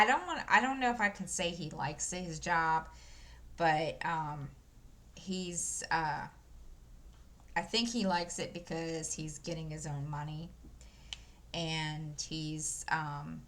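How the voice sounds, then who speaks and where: A woman's voice: deep voice, slow pace, pushed and bright. A woman, chatting casually to viewers while she works on a craft, rambling with lots of fillers and restarts. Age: 50s. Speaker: crafting channel host. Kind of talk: casual chat while stitching. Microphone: desk microphone.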